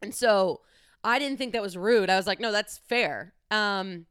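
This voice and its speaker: Candid, chatty woman, crisp voice. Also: mid-range voice, moderate pace, fairly bright tone, no room sound, studio quality. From United States. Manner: candid, chatty, swears casually. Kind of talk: casual solo monologue.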